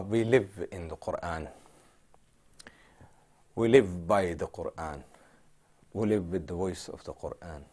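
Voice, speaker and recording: A man giving an earnest, devout talk as a Quran recitation teacher, halting with restarts and swelling into emotional emphasis. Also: deep voice, warm tone. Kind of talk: devotional talk.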